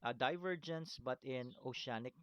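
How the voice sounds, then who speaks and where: A man's voice: medium pitch, moderate pace, fairly bright tone, smooth. A man teaching a screen-recorded lesson, walking through steps, often checking in with "okay?" and "right?", with a chuckle at his own slips. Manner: repetitive, stops to check understanding with "okay?" and "right?".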